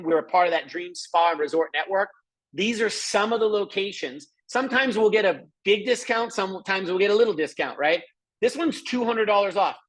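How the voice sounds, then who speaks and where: A middle-aged man giving an excited, chatty sales presentation over a live screen share, with lots of asides to viewers. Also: high-pitched. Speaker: presenter of a travel membership.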